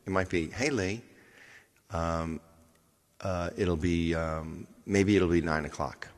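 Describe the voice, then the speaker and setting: A man's voice: low-pitched, takes it slowly, big-room sound. A man hosting a live stream as its singer, chatting casually with viewers, thanking them by name and thinking aloud.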